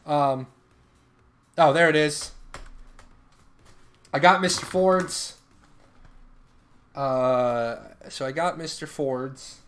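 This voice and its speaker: A man's voice: a little high, steady tone, extremely slow, pauses often, fairly bright tone. A man from Ireland chatting casually on a live game stream, telling rambling stories and often restarting his sentences.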